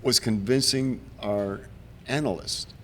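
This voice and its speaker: A man's voice: medium pitch, takes it slowly, slight background noise. A man in his seventies, a veteran guest on a podcast, telling stories in a casual way and acting out the voices of the people he quotes. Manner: animated, acts out quoted voices. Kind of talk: casual storytelling.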